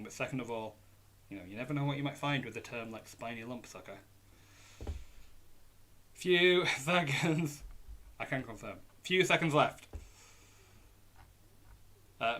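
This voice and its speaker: A man's voice: medium pitch, bright, forceful tone. Chatty Yorkshire man hosting a quiz. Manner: chatty, jokey, reads options slowly. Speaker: quiz host. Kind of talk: live online pub quiz hosting. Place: indoors at home on a hot day.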